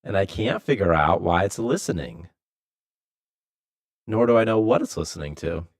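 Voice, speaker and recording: A man's voice: deep voice, sing-song, moderate pace. A man, a game developer, chatting casually on a livestream and muttering to himself while he fixes his setup. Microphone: desktop mic with webcam.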